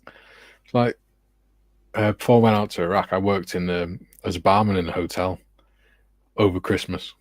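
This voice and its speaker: A middle-aged man with a low voice tells chatty stories on a relaxed livestream, laughing at his own anecdotes. The sound is dry and close, with no room around it. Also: normal speed, pauses often, no echo. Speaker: livestream co-host reading viewer comments. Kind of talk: casual livestream chat. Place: home hobby room.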